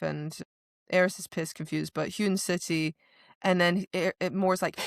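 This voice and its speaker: A woman co-hosting a book podcast, retelling scenes in an animated, ranting way with emphatic outbursts. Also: on the low side, normal speed, gravelly, no room sound, studio quality. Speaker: podcast co-host. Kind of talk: casual book-discussion chat.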